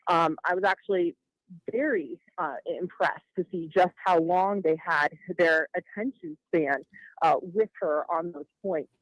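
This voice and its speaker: A woman court reporter giving a measured, detailed live report with occasional uhs. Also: fairly low pitch, dry recording. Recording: dull, dry remote feed.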